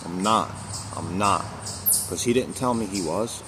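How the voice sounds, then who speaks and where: Candid low-voiced man telling his story. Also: unhurried, background noise. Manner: candid, emphatic, repeats phrases, swears. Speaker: recovery vlogger. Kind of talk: personal storytelling to camera.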